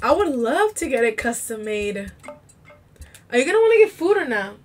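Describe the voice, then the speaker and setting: A woman chatting excitedly while playing a video game, often shrieking and laughing. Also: on the high side, moderate pace, a little hiss or hum. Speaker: gamer playing on stream. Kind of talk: casual gaming commentary.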